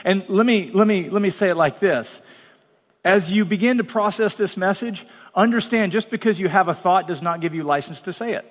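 A man's voice: high voice, a little fast, in a large hall. A man preaching as pastor, talking bluntly and conversationally with dramatic asides. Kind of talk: sermon. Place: large church hall.

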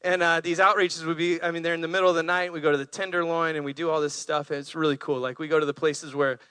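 A man with a high, bright voice preaches through lively stories. He acts out animals with playful voices for his listeners. The sound is dry and close. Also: fast talker, smooth, dry recording. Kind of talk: storytelling sermon.

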